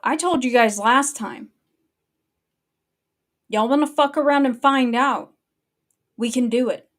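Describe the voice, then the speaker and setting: A woman with a voice on the higher side runs her own commentary stream. She speaks casually and bluntly, and swears freely in a sustained annoyed rant. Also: slow. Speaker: online commentary host.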